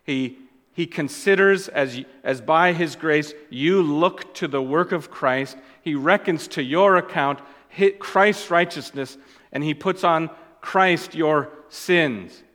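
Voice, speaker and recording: A man preaching a sermon as pastor. He stresses and repeats key phrases, and his voice swings between loud and quiet. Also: on the high side, slow, big-room sound.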